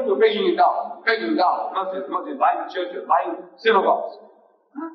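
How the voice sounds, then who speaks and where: A man's voice: sits high, lively intonation, normal speed, crowd noise. A man giving an emphatic, repetitive religious lecture to an audience in a large hall. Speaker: Islamic lecturer. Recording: dull, echoey hall recording from far off.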